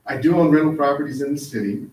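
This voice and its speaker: A man's voice: on the high side, fast, a little mellow. A man speaking at a public hearing, earnest and insistent as he confronts officials. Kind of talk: public comment at a council meeting. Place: council chamber. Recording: echoey hall, mic from a distance.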